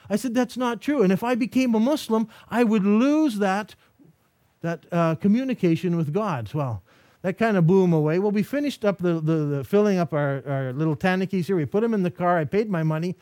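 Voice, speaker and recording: A middle-aged man giving a storytelling lecture, animated and acting out the voices of the people in his stories. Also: high-pitched, a little fast, no echo, clean studio sound.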